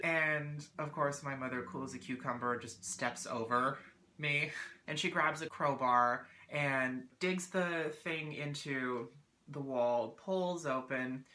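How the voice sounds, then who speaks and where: A woman's voice: extremely low pitch, fairly even intonation, slow, pushed and bright. A woman vlogger telling a story in a dramatic, self-mocking way. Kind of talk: storytelling vlog.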